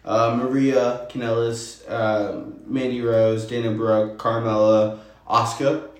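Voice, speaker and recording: Podcast host, male, mid-pitched, halting recaps, very echoey room. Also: flat delivery. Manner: hesitant, fills gaps with "um" while recapping. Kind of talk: casual chat.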